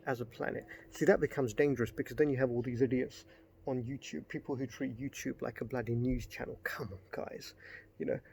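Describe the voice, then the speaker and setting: Gravelly man ranting in a vlog. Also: mid-range voice, steady tone, fast talker, a little mellow, a little hiss or hum. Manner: rambling, gets worked up and swears. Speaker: book reviewer. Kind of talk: casual spoken book review.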